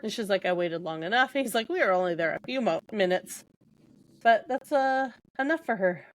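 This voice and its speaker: A woman's voice: mid-range voice, lively intonation, fairly quick. A young adult woman co-hosting a podcast, retelling book scenes casually with quoted dialogue and lots of fillers. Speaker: podcast co-host.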